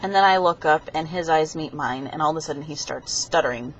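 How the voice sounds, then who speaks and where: Chatty young woman, low voice, lo-fi webcam. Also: fairly quick, a little hiss or hum. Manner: chatty, rambling, acts out quoted voices. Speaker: vlogger. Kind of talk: casual storytelling to webcam. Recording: dull lo-fi webcam audio.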